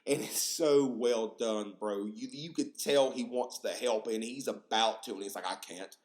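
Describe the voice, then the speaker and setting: A young man hosting a casual solo podcast, rambling and profane, excitable and full of fillers. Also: mid-range voice, measured pace. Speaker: podcast host.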